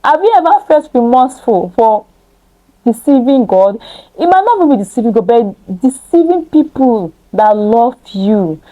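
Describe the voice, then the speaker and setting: Woman Bible teacher, reads scripture then preaches with emphatic rhetorical questions, warm and slightly high. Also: sing-song, measured pace, poor audio. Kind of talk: scripture reading with preaching commentary.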